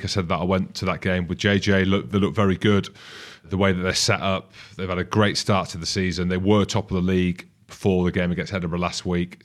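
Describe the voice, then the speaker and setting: A man's voice: deep voice, a bit bright. A man in his forties co-hosting a rugby podcast, joking and teasing his way through casual analysis. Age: 40s. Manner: jokey, teasing. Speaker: podcast co-host.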